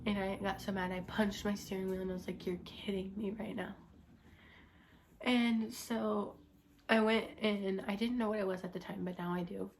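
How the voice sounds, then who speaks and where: A woman's voice: mid-range voice, steady tone, brisk, a little hiss or hum. A young woman telling a rambling, frustrated story from her school days in a casual chat style, full of "like" and restarts. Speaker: vlogger.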